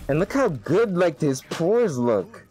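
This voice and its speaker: A man's voice: on the high side, slow pace, rough recording. Hyped guy reacting to a game reveal on stream, voice jumping all over, faint music behind. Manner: excitable, chatty, laughs often. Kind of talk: live reaction commentary.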